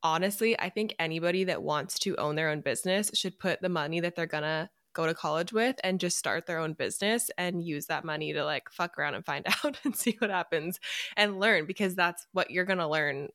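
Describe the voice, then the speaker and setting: A young woman with a fairly low voice, talking about herself in a relaxed podcast chat. She rambles openly and giggles, and the sound is dry and close. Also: brisk, no echo. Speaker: podcast co-host, interviewee. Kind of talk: casual chat.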